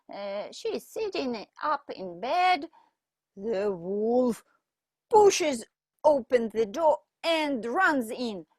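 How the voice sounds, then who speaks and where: A woman whose first language is Russian, an English teacher for children, reads a picture book aloud to kids. Her high-pitched voice is slow and lively, expressive as she points at the pictures, with no room sound.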